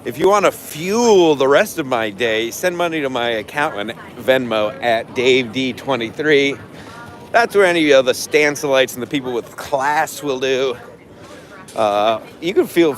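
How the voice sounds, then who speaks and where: A man hosting a walking livestream. He talks brashly, rants and boasts. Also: medium pitch. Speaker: livestream host. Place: outdoors around a stadium. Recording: noisy outdoor street sound.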